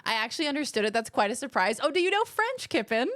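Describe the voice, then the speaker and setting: Speaking fast in a high voice with big pitch swings and a somewhat bright tone, a woman from the United States banters with viewers during a casual live stream. Now and then she slips into joking accents.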